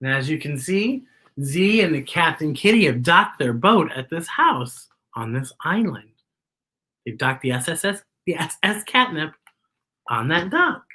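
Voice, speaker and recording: A woman reading a picture book aloud to children, animated and pointing out the illustrations. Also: deep voice, a little slow, slightly rough. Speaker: children's storyteller.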